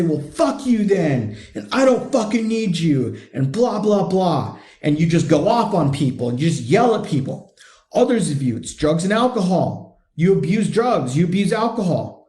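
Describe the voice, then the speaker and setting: Blunt, profane man with a high voice. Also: warm tone, echoey room. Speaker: men's coach and podcast host. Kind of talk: motivational podcast monologue.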